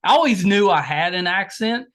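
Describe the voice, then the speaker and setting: A woman's voice: mid-range voice, lively intonation, moderate pace, fairly bright tone. A woman from West Virginia with a strong Southern drawl, hosting a podcast interview in a chatty, self-deprecating way. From West Virginia, USA. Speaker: podcast host. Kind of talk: casual interview chat.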